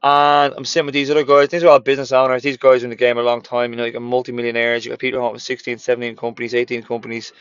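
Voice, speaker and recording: A man who owns a gym and once worked as a personal trainer tells his story in a blunt, motivational way, cursing freely and hammering points home through repetition. His pitch sits in a middling range for a man. The sound is somewhat dull and lo-fi, and very dry with no room around it. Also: flat delivery, rapid-fire, few pauses, fairly bright tone, smooth, dry recording. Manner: candid, swears freely, repeats phrases for emphasis.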